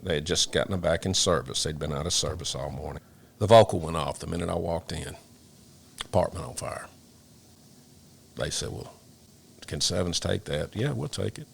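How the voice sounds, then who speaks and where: An older man, a retired fire lieutenant recalling his career in an emotional, halting interview. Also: sits low, vocal fry, slight background noise. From Memphis, Tennessee, US. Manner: halting, repeats and restarts words, emotional.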